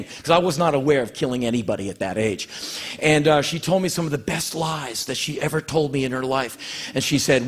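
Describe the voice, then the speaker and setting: Man, 40s, from Washington D.C., husky mid-range voice, blunt, profane, animated stage storytelling. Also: mid-range voice, brisk. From Washington, D.C., USA. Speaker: spoken-word performer. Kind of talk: stand-up storytelling to a live audience.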